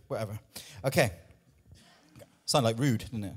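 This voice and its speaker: A man's voice: fairly high pitch, normal speed, a bit bright. A man preaching a sermon in church, emphatic and repetitive, at times out of breath. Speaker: pastor.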